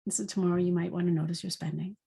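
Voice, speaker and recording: A woman with a somewhat low voice talks through a spiritual energy forecast. Her delivery is reflective and unscripted, full of rhetorical questions. She often fills her phrasing with "like". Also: steady tone, rapid-fire, creaky, mellow, breathy edge. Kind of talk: spiritual daily forecast monologue.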